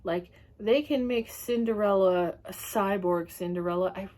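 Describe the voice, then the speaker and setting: A woman's voice: mid-range voice, normal speed, a little mellow. A woman giving a casual, ranting book review, talking in a chatty, sweary way and laughing often.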